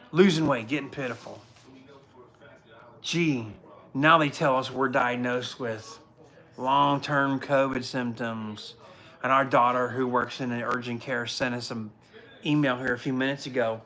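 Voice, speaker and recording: A man's voice: medium pitch, bright, forceful tone. A man in his forties, a police officer hosting a casual livestream from home, telling earnest, rambling stories full of restarts. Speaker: police officer and show host.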